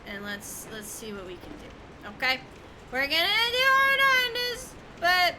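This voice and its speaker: A woman's voice: sits high, background noise. A young woman streaming a video game, chatting casually, laughing often, swearing freely and joking about herself. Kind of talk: casual gameplay commentary.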